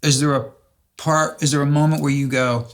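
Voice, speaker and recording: A man's voice: fairly high pitch, steady tone, normal speed. Guy hosting an interview show, curious, keeps digging with follow-ups. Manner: curious, probing questions. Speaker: podcast host. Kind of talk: conversational interview.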